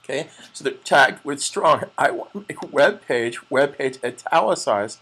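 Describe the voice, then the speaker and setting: A man's voice: medium pitch, expressive, unhurried, bright, forceful tone, slightly rough. A man teaching web page design in a screencast tutorial, often repeating and restating terms and calling viewers guys.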